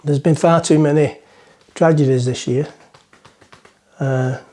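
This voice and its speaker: A middle-aged vlogger tells a rambling joke to the camera from the front of a boat, chatting away and mocking himself. The voice is fairly high and a little mellow, steady in tone and unhurried.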